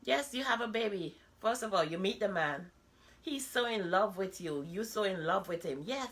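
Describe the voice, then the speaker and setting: A woman's voice: mid-range voice, animated, moderate pace, a bit bright. A woman, talking bluntly and candidly in a personal vlog monologue, full of rhetorical asides. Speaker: vlogger.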